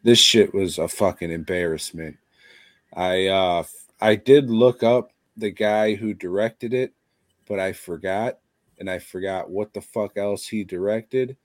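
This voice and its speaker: A man's voice: low-pitched, steady tone, unhurried, dry recording. A man co-hosting a casual podcast, ranting bluntly with constant swearing. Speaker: podcast co-host. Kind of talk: casual chat.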